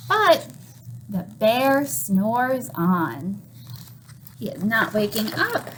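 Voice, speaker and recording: A woman's voice: sits high, slight background noise, rough recording. A young woman, a children's librarian, reading a picture book aloud and asking the children questions. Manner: warm, encouraging, asks children questions. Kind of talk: children's storytime read-aloud.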